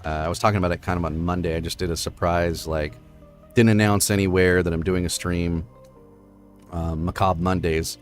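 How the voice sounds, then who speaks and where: A man's voice: sits low, fairly even intonation, moderate pace, faint music behind. A man hosting a live stream, explaining poetry forms in a casual, rambling way full of fillers. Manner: rambling with many fillers and "right?". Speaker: streamer host.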